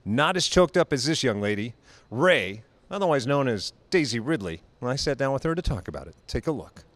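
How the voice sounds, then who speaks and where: A man hosting an entertainment interview show, excitable and jokey, rambling as he introduces the guests. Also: mid-range voice, brisk, dry recording.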